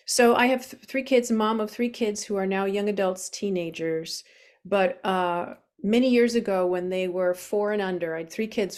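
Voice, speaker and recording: A woman in her forties, a guest on an interview show, telling her personal story openly with many fillers. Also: mid-range voice. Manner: open, earnest, with frequent fillers.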